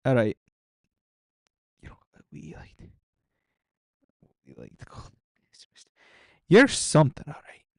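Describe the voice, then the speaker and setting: Gravelly-voiced man chatting on a live stream. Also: fairly high pitch, very animated, a little slow, long pauses, no room sound. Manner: rambling, reads and answers chat. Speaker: gaming streamer. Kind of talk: casual live-stream chat.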